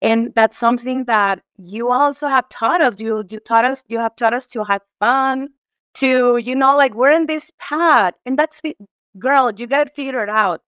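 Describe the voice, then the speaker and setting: Woman from Mexico, interview guest, heartfelt and tearful, smooth voice, dry close sound. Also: a little high, normal speed, fairly bright tone, dry recording. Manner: heartfelt, tearful, many restarts and fillers. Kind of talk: emotional conversational interview.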